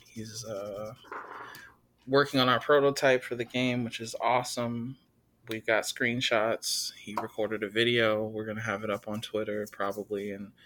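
A man's voice: medium pitch, a bit bright. A man co-hosting a casual podcast, easygoing and teasing. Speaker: podcast co-host.

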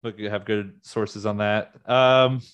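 A man's voice: fairly low pitch, steady tone, measured pace, fairly bright tone, clean tone, no room sound. A man ranting on a vlog as a music fan, heated and profane, his voice jumping up in sudden outbursts. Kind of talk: casual rant.

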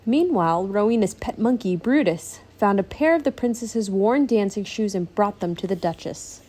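A woman's voice: medium pitch, lively intonation, moderate pace, dark tone, breathy edge. A woman reading a storybook aloud to her child, patiently stopping to answer questions.

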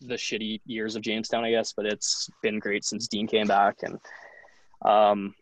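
A man's voice: fairly low pitch, completely flat delivery, moderate pace. A young man, a college hockey goalie guesting on a podcast, telling stories in a rambling way, full of fillers and acted-out quotes. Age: young adult. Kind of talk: casual storytelling chat.

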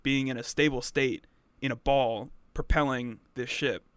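A man's voice: medium pitch, steady tone, measured pace, a bit bright, clear, resonant tone, no room sound. Easygoing young man, dry close sound. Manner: easygoing, trailing off into fillers. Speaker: podcast co-host. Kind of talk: casual chat.

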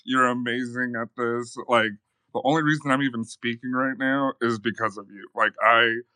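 Earnest nervous man, bright tense voice, dry sound. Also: medium pitch, steady tone, moderate pace, no echo. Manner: nervous, filler-heavy, earnest. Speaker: artist in the community. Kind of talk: casual thank-you speech.

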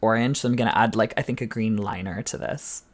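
A man's voice: on the low side, fairly quick. A man who performs as a drag queen, co-hosting a podcast in a playful, teasing chat with lots of laughter before a live audience.

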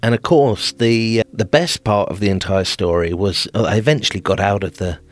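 Low-voiced man telling a story. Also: moderate pace. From Britain. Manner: self-deprecating, laughs often while telling. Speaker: podcast host telling a personal story. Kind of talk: casual storytelling.

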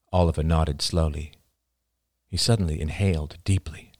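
A man reads a novel aloud in a measured, even way. His voice is deep and the recording is dry and close. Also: no echo. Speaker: audiobook narrator. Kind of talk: scripted narration.

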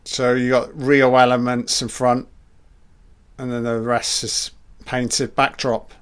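A man's voice: medium pitch, level tone, takes it slowly, clean tone. A man giving casual film commentary in short, admiring remarks, swearing often.

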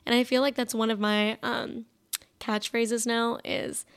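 A woman's voice: a little high, level tone, unhurried, smooth. A young woman hosting a solo podcast, talking casually and rambling with lots of fillers and restarts. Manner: rambling, many fillers and self-interruptions. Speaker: podcast host.

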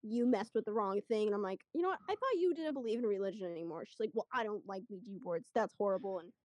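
A young woman telling a story in casual chat, chatty and animated, acting out what people said. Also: medium pitch, quick pace, dry recording. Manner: chatty, animated retelling with quoted voices. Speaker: guest storyteller.

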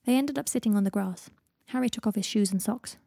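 A woman narrating a fan fiction audiobook in an even, steady storytelling voice. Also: mid-range voice, fast, creaky, husky, no echo, studio quality.

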